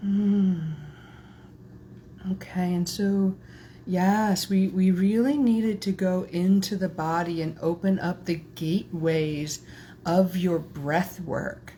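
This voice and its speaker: A woman energy healer leading a guided channeling session in soft, meandering spiritual phrasing. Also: on the low side, a little hiss or hum.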